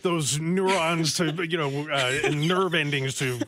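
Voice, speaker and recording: A man's voice: fairly high pitch, measured pace, fairly bright tone, no echo. Man talking radio chat, dry sound. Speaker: radio host. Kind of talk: casual talk radio chat.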